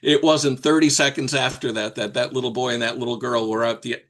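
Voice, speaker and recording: A man's voice: mid-range voice, steady tone, a little fast, a bit bright. An older man, a professional Santa performer, telling stories in a folksy, rambling way. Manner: folksy, rambling with fillers and restarts. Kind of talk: anecdotal storytelling.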